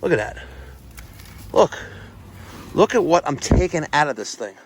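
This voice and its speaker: Brief: New contractor, excited on-site vlog, slightly high voice. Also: male voice, measured pace, a little hiss or hum. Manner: excitable, exclaiming and laughing. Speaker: plumbing and HVAC contractor. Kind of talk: on-the-job vlog. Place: outdoors at a house.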